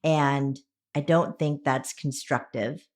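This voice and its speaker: A woman's voice: rumbling low, fairly even intonation, takes it slowly, darkish tone. A woman co-hosting a podcast in casual conversation, earnestly giving practical advice on teamwork. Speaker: podcast co-host.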